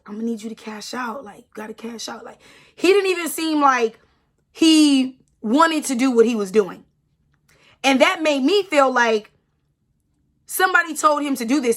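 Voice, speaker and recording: A woman's voice: high voice, a bit bright. A young woman in her twenties telling a personal story in a casual vlog, emphatic and repeating herself with lots of "like". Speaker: storytime vlogger.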